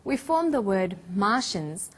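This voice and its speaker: This woman, an English teacher, narrates her lesson in a very animated yet slow and measured way. Her voice sits at a middle height, and the scripted delivery stays carefully clear and learner-paced.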